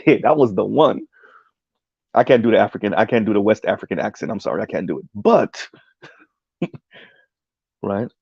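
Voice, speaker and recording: A man's voice: fairly low pitch, normal speed, vocal fry, long pauses, a little mellow, breathy edge, no echo, highs cut off. A man giving casual livestream commentary on a video essay, rambling with many ums and tagging his points with "right?". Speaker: streamer reacting to a video essay.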